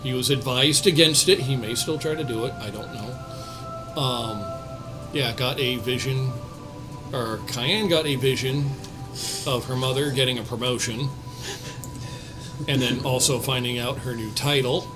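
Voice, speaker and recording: A relaxed man recaps the last tabletop session in a loose, chatty way, trailing off often. His voice sits at a middle pitch, with music playing underneath. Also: unhurried, long pauses, rough recording. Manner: laid-back, trailing off with fillers and laughs. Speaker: podcast co-host recapping a tabletop campaign. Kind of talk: casual recap chat.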